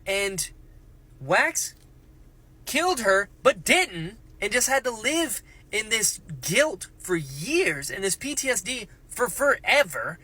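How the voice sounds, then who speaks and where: A man hosting a casual book reaction vlog, excitable and gushing, thinking aloud with lots of rhetorical questions. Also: high-pitched, slow pace, husky, poor audio.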